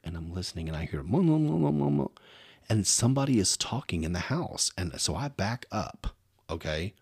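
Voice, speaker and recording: A man, co-hosting a podcast and telling animated stories, acting out voices as he goes. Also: low voice, a little fast, slightly rough, no room sound, clean studio sound. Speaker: podcast co-host. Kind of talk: casual storytelling chat.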